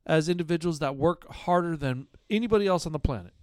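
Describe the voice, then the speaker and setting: A middle-aged American man rants with indignation, his voice a little high and heavy with curses. The sound is close and dry, with no room around it. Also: a little mellow, no room sound. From United States. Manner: heated, indignant, swears often, halting restarts. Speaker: podcast co-host. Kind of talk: casual profane podcast rant.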